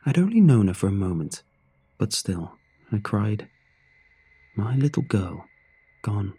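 A man narrating a first-person horror story in a somber, measured way. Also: on the low side, sing-song, dark tone, breathy edge.

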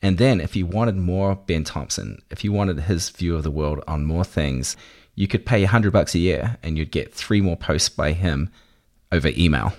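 A man, a guest in an interview, telling stories in a relaxed, conversational way. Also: sits low, normal speed. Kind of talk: relaxed storytelling.

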